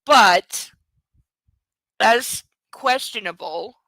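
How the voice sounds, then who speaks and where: A woman's voice: medium pitch, extremely slow, a bit bright, no room sound, low-quality recording. A woman hosting a book club, reading a novel aloud and breaking off with mocking, laughing commentary. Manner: mocking asides between read passages; laughs often.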